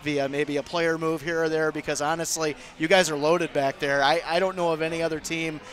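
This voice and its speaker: A man's voice: on the high side, steady tone, brisk, fairly bright tone. A man co-hosting a local sports show in a restaurant, asking long questions and teasing guests. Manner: joking, long wordy questions. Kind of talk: casual interview hosting.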